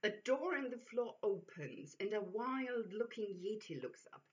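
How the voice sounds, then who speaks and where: A woman reading a comedy script, slow and musing with fillers, on a dull lo-fi recording. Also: medium pitch, animated. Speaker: reader.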